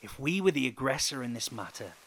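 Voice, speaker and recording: A man's voice: mid-range voice, sing-song, brisk, a bit bright. A man reading a first-person fan fiction story in a dramatic storytelling way.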